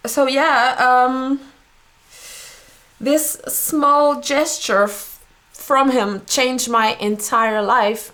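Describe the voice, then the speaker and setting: A young woman artist reacting to an old video of herself, talking slowly with many pauses and laughs, moved and at a loss for words. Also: medium pitch, fairly bright tone. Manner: slow, halting, laughs often, moved and speechless. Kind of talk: emotional reaction vlog.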